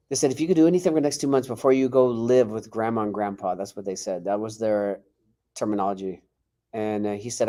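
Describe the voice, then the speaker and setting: A man's voice: lowish voice, fast. A male martial arts instructor, a podcast guest, telling stories in a casual way and acting out quoted dialogue. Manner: animated, acts out quoted dialogue.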